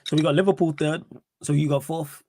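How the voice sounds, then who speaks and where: A man, co-hosting a casual football podcast as a Manchester United fan, animated and slangy, often cutting in. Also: on the high side, slight background noise. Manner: animated, talks fast and interrupts, slangy.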